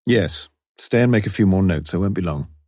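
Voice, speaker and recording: Audiobook: a man doing a clever, commanding detective, deep and slightly husky, gently coaxing. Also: lively intonation, normal speed, no echo, clean studio sound. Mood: wry. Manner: wry, coaxing and quietly commanding. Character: shrewd, wry male police inspector. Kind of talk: audiobook character voice.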